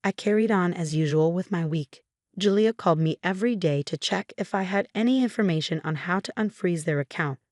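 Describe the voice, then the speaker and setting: A woman narrating a first-person story in a steady, matter-of-fact way. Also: on the low side, fairly quick, dry recording, clean studio sound.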